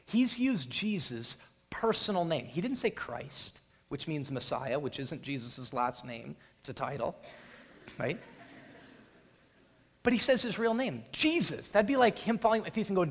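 Dramatic high-voiced preacher in a hall. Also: male voice, sing-song, normal speed. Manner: dramatic, retells the scene and acts out voices. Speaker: pastor. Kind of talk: sermon. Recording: long hall reverb.

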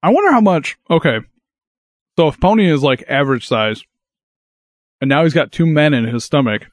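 A man's voice: on the high side, animated, moderate pace, no echo. A man playing a tabletop game, joking and laughing often in casual chat. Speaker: player.

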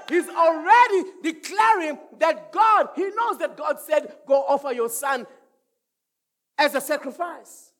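High-pitched shouting preacher man. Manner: shouting call-and-response preaching, whoops. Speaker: pastor. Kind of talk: energetic sermon.

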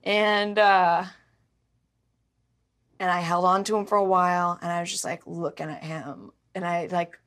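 A woman telling a personal story in casual conversation, emotional and animated, often stumbling and restarting her sentences. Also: on the low side, measured pace.

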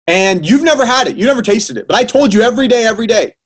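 A man's voice: sits high, racing, hardly any pauses. A young adult man preaching a sermon with passion, often restarting his sentences. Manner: impassioned, many restarts.

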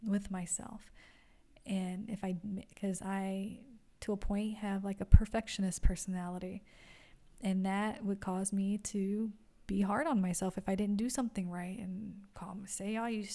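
A woman hosting her own podcast, talking softly and from the heart about her own life, often stopping to restart a phrase. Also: mid-range voice. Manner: soft-spoken, heartfelt, halting with repeats. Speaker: podcast host. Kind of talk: personal reflective monologue.

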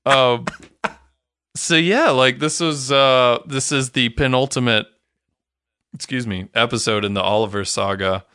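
A man's voice: medium pitch, unhurried, sharp tone, smooth, no room sound, studio quality. A man co-hosting a podcast, recapping a TV episode in laid-back casual chat, swearing freely and leaning on fillers. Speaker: podcast co-host.

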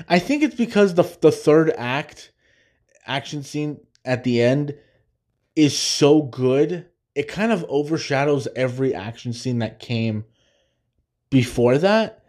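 A man's voice: mid-range voice, darkish tone. A man hosting a podcast, enthusiastically rambling through a spoiler-heavy film breakdown and now and then laughing and humming movie themes. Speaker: podcast host.

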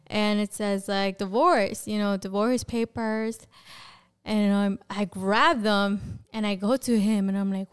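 A young adult woman, a podcast guest, giving a personal testimony in a lively conversational way and acting out the words of people in her story. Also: medium pitch, unhurried, clean tone. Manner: animated storyteller who acts out quoted dialogue and fills with "like".

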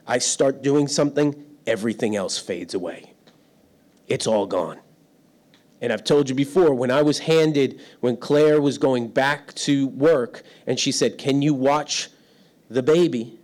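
A man's voice: mid-range voice, darkish tone. A middle-aged man preaching a sermon in a church hall, telling stories about himself and laughing often. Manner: storytelling, self-deprecating, laughs often. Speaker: pastor. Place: church hall without windows.

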